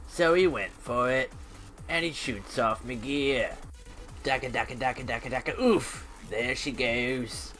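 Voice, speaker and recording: A man's voice: medium pitch, unhurried, fairly bright tone, natural voice. A man voicing a cheeky veteran WWII fighter pilot, narrating flight game footage in slangy old-timey banter. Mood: boastful. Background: faint electronic music.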